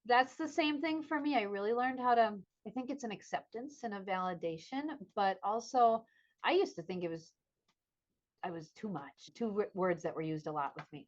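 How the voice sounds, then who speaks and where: This middle-aged podcast co-host chats casually, animatedly recounting a story and acting out the voices of those she quotes. She speaks at a normal speed and a medium pitch, and the audio is dull.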